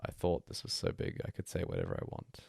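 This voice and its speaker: A man reading a bedtime story aloud as a hushed, breathy first-person monologue. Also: fast, no room sound, clean studio sound. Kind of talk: soft-spoken story reading.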